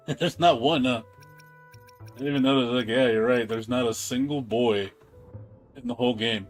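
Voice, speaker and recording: Casual: guy streaming a game, chatty and rambly, laughs a lot, middle pitch, some faint music behind. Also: moderate pace. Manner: laughs often, rambling, repeats words. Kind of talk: casual chat.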